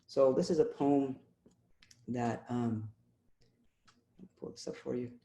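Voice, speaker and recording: A man reading his own poems at a video-call poetry event, measured and pausing with ums between pieces. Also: mid-range voice, mellow. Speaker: poet reading his work. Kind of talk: poetry reading with spoken introductions. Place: home, over video call. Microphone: computer mic on a video call. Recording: echoey video call audio.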